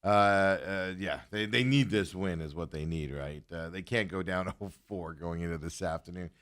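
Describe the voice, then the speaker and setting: A man's voice: low voice, normal speed, a bit bright. A man hosting a casual sports talk show, joking and chuckling between his points. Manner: joking, chuckling often, restarts.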